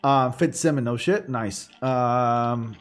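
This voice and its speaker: A man's voice: medium pitch, takes it slowly, soft background music. A man hosting a gaming livestream, chatting casually in a rambling way, full of fillers. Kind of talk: casual chat while streaming. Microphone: studio condenser microphone.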